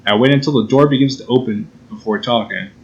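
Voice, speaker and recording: A man's voice: medium pitch, fast talker, dull audio, soft background music. A man hosting a gaming channel, reading a visual novel aloud in a playful way and joking about the story. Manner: playful, laughs at his own jokes.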